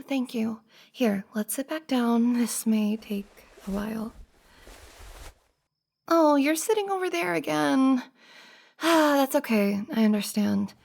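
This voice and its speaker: A woman's voice: a little high, vocal fry. Woman as a pleading best friend, whispered role-play. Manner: soft, pleading, earnest, hesitant. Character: flustered best friend confessing feelings. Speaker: ASMR roleplay performer.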